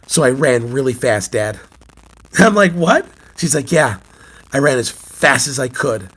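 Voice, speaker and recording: A man's voice: mid-range voice, moderate pace, fairly bright tone. A man in his forties hosting a casual morning chat on his channel, telling a family story with frequent laughter and a recurring cough. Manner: chatty storyteller, laughs often. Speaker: channel host, sports-card collector and youth coach.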